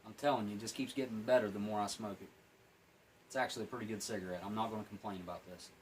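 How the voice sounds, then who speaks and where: A man's voice: on the low side, fairly even intonation, rapid-fire, a little hiss or hum, poor audio. A plain-spoken man giving a casual, rambling food review while eating and smoking, sometimes talking with his mouth full. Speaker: MRE reviewer.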